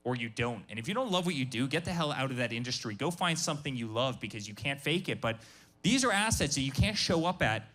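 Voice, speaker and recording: A man's voice: medium pitch, expressive, fast, bright, forceful tone. A man in his forties giving an emphatic business talk to a live workshop audience, repeating himself and restarting phrases often. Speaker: guest speaker.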